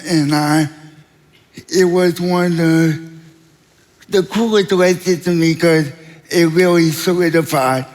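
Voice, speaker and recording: A young man as an interview guest, talking slowly and haltingly with long pauses. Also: a little high, darkish tone. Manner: slow, halting delivery with many pauses. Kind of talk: onstage interview. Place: large church auditorium. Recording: reverberant hall.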